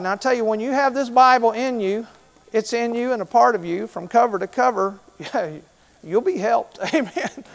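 A middle-aged man preaching a sermon as pastor, who asks the congregation questions and repeats key phrases. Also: sits high.

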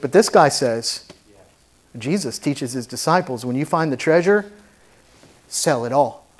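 A man's voice: mid-range voice, expressive, measured pace. A man preaching a sermon as pastor to a church congregation, fervent and conversational with asides. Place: church sanctuary.

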